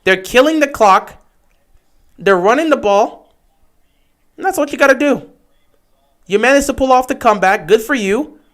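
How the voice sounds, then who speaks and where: High-voiced excitable football streamer man. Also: normal speed, long pauses. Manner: excitable, shouts at big plays then mutters. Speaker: livestream host. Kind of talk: live football watch-along commentary.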